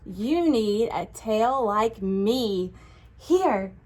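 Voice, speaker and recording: A woman's voice: mid-range voice, expressive, extremely slow, a little mellow. A woman voicing a confident male tiger in a storybook, breezy, upbeat and persuasive.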